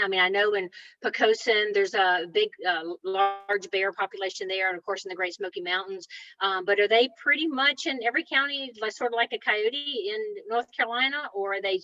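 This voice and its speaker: Bright-voiced hesitant woman host. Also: mid-range voice, no room sound. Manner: hesitant, many ums. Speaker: host reading audience questions. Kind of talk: hesitant moderator questions. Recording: dry, muffled audio.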